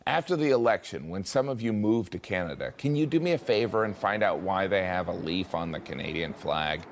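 A man's voice: low-pitched, expressive, brisk, slight background noise. A man delivering a scripted comic commentary in a dry, self-mocking way. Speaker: comedy commentator.

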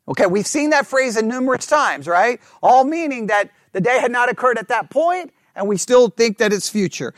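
A high-pitched man leads a Bible class. He thinks out loud, restarts his sentences, and keeps asking the room whether they agree. The sound is dry and close, with almost no room echo. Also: big pitch swings, normal speed, few pauses. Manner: checks in with listeners often, asking for agreement; talks through ideas out loud with restarts. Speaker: Bible study teacher.

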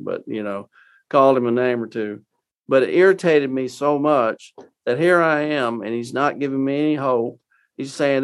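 A gravelly-voiced Texan man in his sixties tells a long personal story as an interview guest. He drops into the voices of the people he quotes, and his pitch sits at an ordinary middle. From Texas. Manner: animated storyteller acting out quoted dialogue.

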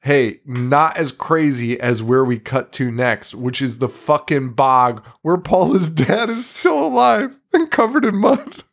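A man's voice: on the high side, lively intonation, measured pace, gravelly, few pauses. Young man recapping a movie, laughing. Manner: laughs often, swears, acts out movie lines. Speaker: podcast co-host. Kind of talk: casual chat, movie recap.

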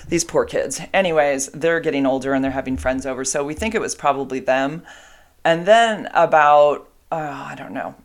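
A middle-aged woman casually telling a long personal story, rambling with fillers and asides. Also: a bass voice. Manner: chatty, rambling, with fillers and asides to her dogs.

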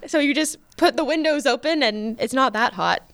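A woman's voice: sits high, moderate pace, a bit bright, clear, resonant tone. A young American woman in her twenties, a guest on a talk show, eagerly recalling her study-abroad days and saying "like" a lot. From United States. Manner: enthusiastic, giggly, says "like" often. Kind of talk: casual conversation.

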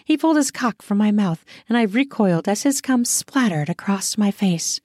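A woman narrating a first-person erotic audio story in an intimate, soft, drawn-out manner. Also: mid-range voice, expressive, no room sound, studio quality.

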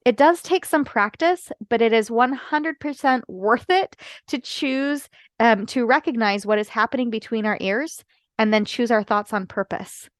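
A woman life coach talks through her podcast in an earnest, explanatory way, often pausing to check in with her listeners. Her voice sits a little high for a woman. The sound is close and dry, with no room around it. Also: no room sound. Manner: earnest, explanatory, frequent "right?" asides. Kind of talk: solo podcast talk.

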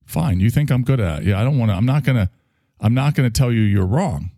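A man's voice: medium pitch, animated, fast, dark tone, dry recording, clean studio sound. A man hosting a stream, talking in a rambling, self-reflective way and swearing freely. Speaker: stream host. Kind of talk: casual monologue to an online audience.

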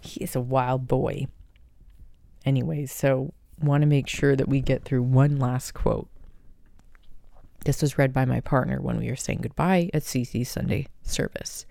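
A woman hosts her own podcast in a gentle, heartfelt, unhurried voice. Her tone is dark and mellow, with a gravelly edge. The recording is close and dry. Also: very deep voice, fairly even intonation, dry recording. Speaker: podcast host. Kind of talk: personal podcast talk.

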